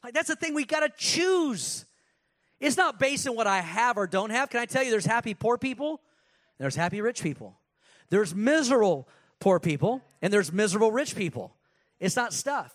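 High-voiced preaching man, lively. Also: moderate pace. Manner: energetic preaching with asides and put-on voices. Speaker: pastor. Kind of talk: sermon.

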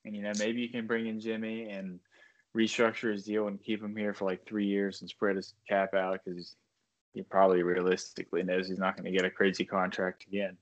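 A man's voice: low-pitched, completely flat delivery, a little fast, lo-fi sound. A man from Australia, co-hosting a sports podcast in casual chat with dry humor. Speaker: podcast co-host.

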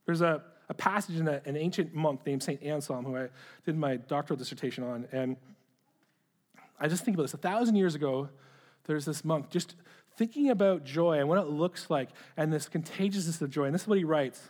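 A man's voice: fairly high pitch, a little fast, darkish tone. A middle-aged man preaching a sermon, earnest, often repeating words as he starts a phrase. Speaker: pastor.

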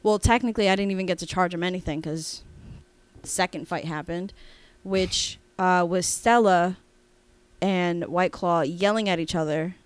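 Brief: woman podcast co-host, smooth voice, dry close mic, rambling and animated as she tells a story. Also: lowish voice, moderate pace, no room sound. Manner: rambling, animated, with many fillers and restarts. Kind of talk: casual storytelling chat.

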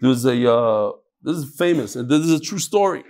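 A man giving a casual Talmud lesson, explaining the text and telling jokes with animated storytelling. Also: a little fast. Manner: animated storytelling, lively shifts in pitch. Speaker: Talmud teacher.

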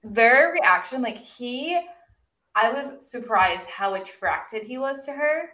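Young woman, slightly high voice, chatty, casual chat, echoey room. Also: lively intonation, slow pace, bright, forceful tone. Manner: chatty, laughs often, many "like"s.

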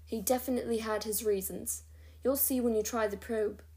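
A woman's voice: fairly high pitch, fairly even intonation, moderate pace, dark tone, natural voice. A woman voicing a kindly elf leader man with a put-on accent that slips at times.

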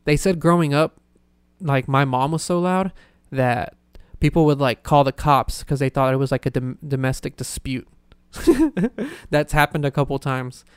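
Young guy, podcast host, loose rambling chat, smooth clear voice, dry close sound. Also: a little high, no echo. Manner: rambling, full of "like" fillers and laughter. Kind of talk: casual storytelling chat.

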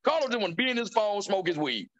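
A man in casual chat, telling stories loudly with lots of profanity and acted-out quotes. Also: high voice, quick pace, lo-fi sound. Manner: loud, animated storytelling with profanity and quoted lines.

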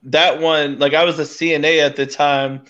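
A man's voice: fairly high pitch, flat delivery, moderate pace, a bit bright, muffled recording. A man chatting casually as a podcast guest, hesitant and full of fillers and restarts. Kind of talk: casual chat.

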